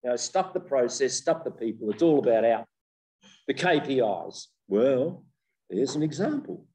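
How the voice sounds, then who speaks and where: An older man giving a humorous keynote lecture as a professor, an animated storyteller who jokes as he goes. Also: mid-range voice, moderate pace, far from the mic, poor audio. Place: lecture room with online audience.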